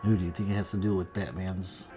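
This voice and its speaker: A man's voice: low voice, little pitch movement, fast, music in the background. A man co-hosting a casual reaction show who also edits videos, often answering with short agreeing replies. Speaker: reaction channel co-host and video editor. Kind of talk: casual chat.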